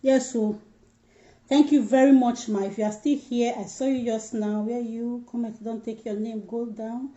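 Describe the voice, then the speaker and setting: A woman's voice: on the high side, fairly even intonation, moderate pace, warm tone, dull audio. Chatty Nigerian woman on a livestream. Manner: chatty, mixes pidgin, addresses viewers directly. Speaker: livestream host. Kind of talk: casual livestream chat while eating.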